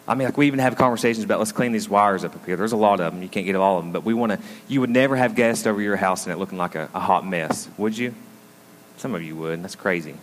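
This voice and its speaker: Storytelling pastor in an echoing hall. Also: male voice, low voice, slight background noise. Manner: storytelling, draws the congregation in with frequent asides. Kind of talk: conversational sermon. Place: school auditorium used as a church. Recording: long hall reverb.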